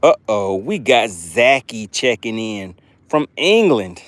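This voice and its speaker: A man's voice: lowish voice, sing-song, takes it slowly, dry recording. A man hosting a fishing live stream from a boat outdoors, chatting and thanking his viewers.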